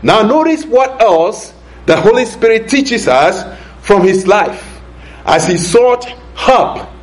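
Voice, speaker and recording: A man preaching a sermon, slow and deliberate, drawing out key words for emphasis and chuckling now and then. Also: high voice, animated, low-quality recording.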